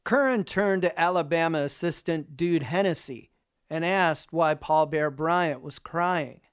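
Smooth guy narrating a sports podcast, kinda high voice, announcer style. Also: unhurried. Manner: polished announcer delivery. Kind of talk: scripted narration.

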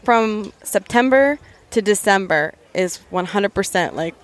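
Young woman, podcast guest, chatty and upbeat, medium pitch. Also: expressive, a little slow. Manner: chatty, upbeat, laughs often. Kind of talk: casual interview chat.

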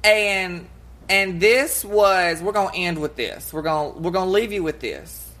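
A woman co-hosting a podcast in casual chat, brash and crude, telling stories loudly. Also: lowish voice, unhurried. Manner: brash, crude and loud, animated storyteller. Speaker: podcast co-host.

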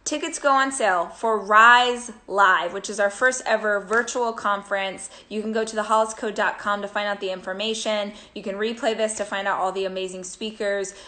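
A woman's voice: mid-range voice, steady tone, moderate pace, hardly any pauses, sharp tone. A woman co-hosting a casual live show, telling a story in an emotional, rambling way with many fillers. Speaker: co-host.

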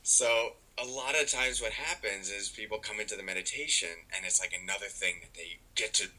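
A man's voice: lowish voice, fairly quick, bright, forceful tone, low-quality recording. A man, a meditation author and podcast guest, explaining in casual chat and acting out the inner voices of his stories.

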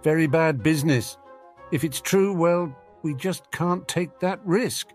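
A man's voice: a little high, a little slow, soft background music, pitched above the performer's own voice. A man doing a pompous curt official. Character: pompous middle-aged male minister, curt.

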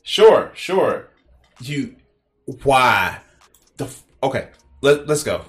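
A man's voice: medium pitch, very animated, slow pace. A man hosting a reaction video, talking in a casual, profane and incredulous way, mocking and laughing at what he watches.

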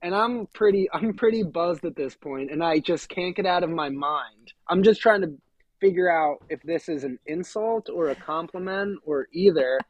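A man co-hosting a podcast, telling a story in a casual, animated, self-deprecating way. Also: on the high side, normal speed, no room sound, highs cut off. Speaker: podcast co-host.

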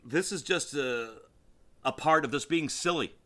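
A man's voice: a little high, a little slow, bright, forceful tone. A man hosting a solo podcast, talking in a casual, rambling and enthusiastic way, often restarting his sentences. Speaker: podcast host.

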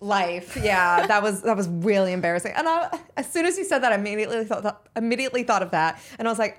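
A young woman in her twenties, a podcast guest chatting casually in a bubbly, expressive way full of fillers. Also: medium pitch, fast, hardly any pauses. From Pittsburgh, USA. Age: 20s. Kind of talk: casual chat.

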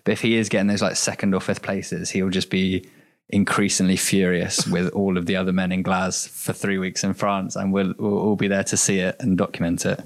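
A man with a somewhat low voice joins a casual cycling chat. He talks in a wry, joking way, spinning out a funny scenario. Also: level tone, a little fast. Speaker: podcast co-host.

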